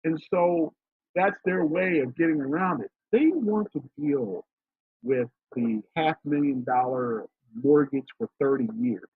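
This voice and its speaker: A middle-aged financial consultant from Philadelphia, telling stories emphatically in a casual interview. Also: male voice, a little high, a little slow, breathy edge, dry recording. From Philadelphia, USA. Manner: emphatic, storytelling, acts out quoted dialogue. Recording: dry, tinny phone-like line.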